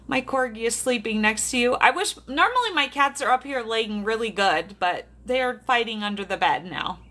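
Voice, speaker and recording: A chatty woman from South Dakota hosts a casual livestream from her bedroom. Her voice sits a little high and sounds bright and forward. She laughs often and talks straight to her viewers, picked up by a camera on a tripod. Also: animated, normal speed. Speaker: livestream host, medium. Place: bedroom at home. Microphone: phone or camera on a tripod.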